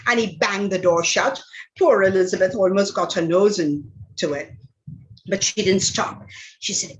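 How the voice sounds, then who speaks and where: A woman lecturer telling a children's story aloud in an animated, dramatic way, then speaking about storytelling. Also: a little slow, poor audio. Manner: dramatic, expressive read-aloud with big pitch leaps.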